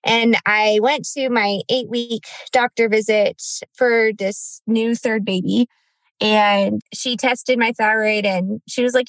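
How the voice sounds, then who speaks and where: A woman's voice: a little high, measured pace, fairly bright tone, no echo. A woman in her thirties telling a painful personal story on a podcast, in a chatty way full of fillers and acted-out quotes. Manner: chatty, many "like" fillers, acts out quoted speech. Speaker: podcast guest. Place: outdoors in a cemetery.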